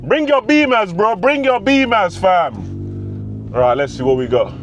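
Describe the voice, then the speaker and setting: A young man, a car vlogger boasting loudly in street slang as he drives country roads, his voice going hoarse. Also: fairly high pitch, unhurried, faint music behind. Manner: boastful, loud bursts of hype, street slang. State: losing his voice. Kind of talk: excited in-car commentary. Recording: car noise behind the voice.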